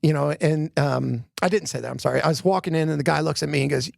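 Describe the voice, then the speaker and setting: A middle-aged man from the Philadelphia area with a heavily gravelly, fairly high voice, chatting in an interview and telling anecdotes with lots of "you know" fillers. He is recorded up close, dry and without room sound. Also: fast, darkish tone, no echo. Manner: chatty, many "you know" fillers, acts out quoted dialogue. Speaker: arena president and general manager. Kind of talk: casual interview storytelling.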